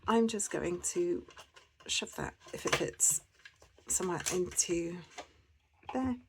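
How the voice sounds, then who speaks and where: A woman's voice: on the low side, slow, noisy background. A woman chatting casually to camera as a budgeting vlogger, rambling with lots of fillers and restarts.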